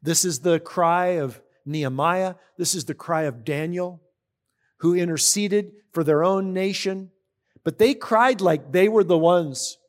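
A man's voice: high voice, a little slow. A man preaching a sermon, reading scripture aloud and explaining it in a conversational way, often asking his listeners questions. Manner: reads scripture aloud between comments. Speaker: pastor. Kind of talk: sermon teaching.

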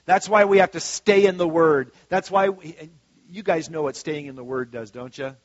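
A man's voice: fairly high pitch, moderate pace, no room sound, lo-fi sound. A man preaching a sermon as pastor in a conversational way, with frequent asides and restarts.

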